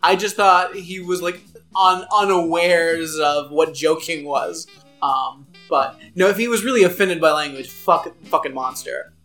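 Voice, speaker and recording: A man hosting a casual podcast, relaxed and joking as he introduces listener submissions. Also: on the high side, measured pace, echoey room, faint music behind. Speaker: podcast host. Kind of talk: casual chat.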